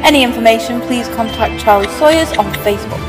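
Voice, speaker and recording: A woman's voice: a little high, fast, big-room sound, over music, low-quality recording. A woman, co-hosting a local podcast and reading mock news in a dry, matter-of-fact way. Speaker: podcast co-host.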